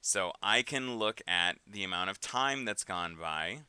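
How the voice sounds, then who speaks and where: This recorded algebra lesson features a man teaching casually, with frequent fillers and check-ins like "right?" and "okay?". He talks a little slowly in a low, animated voice that is bright and forceful, and the sound is smooth with no room sound.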